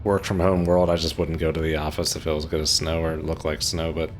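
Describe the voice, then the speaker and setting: A man's voice: very deep voice, little pitch movement, brisk, faint music behind. A man in his thirties from Maryland, chatting casually while live-streaming a game, rambling with lots of filler words. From Maryland, USA. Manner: rambling, laid-back, heavy on "like" fillers.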